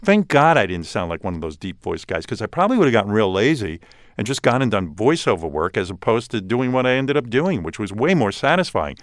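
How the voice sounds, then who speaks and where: Older New York man, interview guest, animated and self-deprecating, dry studio mic. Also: on the low side, a little fast, no room sound. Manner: animated, self-mocking storytelling with frequent restarts. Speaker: radio host as guest. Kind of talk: casual interview talk.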